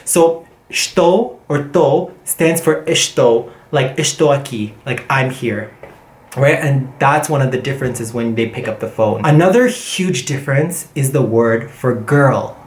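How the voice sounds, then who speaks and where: A language teacher giving a casual vocabulary lesson, chatty and animated, with many fillers and self-corrections, mixing in Portuguese words and phrases. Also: mid-range voice, a little slow, echoey room.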